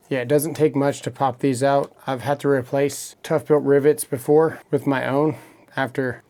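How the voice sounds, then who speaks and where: A man's voice: medium pitch, background noise. Casual man demoing tools, a bit winded. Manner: casual, talks while working with hands. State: out of breath. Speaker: electrician tool reviewer. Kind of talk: casual tool demo. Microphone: small wireless clip mic.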